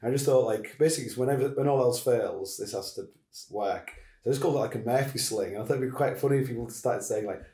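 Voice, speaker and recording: Rambling man with a mellow voice. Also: mid-range voice, fast talker, reverberant. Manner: rambling, restarts often. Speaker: podcast host. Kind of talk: casual chat.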